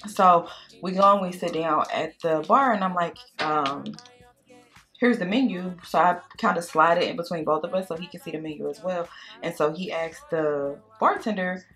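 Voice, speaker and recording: A woman vlogger chatting casually while doing makeup, telling a date story in a sassy, animated way and calling the listener girl and baby. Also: lowish voice, moderate pace, faint music behind. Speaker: beauty vlogger. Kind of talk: casual storytime chat during makeup tutorial.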